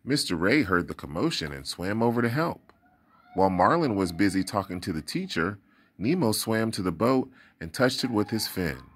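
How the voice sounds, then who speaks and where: A man reading a children's storybook aloud in a deep, low voice. His delivery is expressive and dramatic, with lively rises and falls in pitch. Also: normal speed, husky. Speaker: storybook reader. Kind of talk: read-aloud storybook narration.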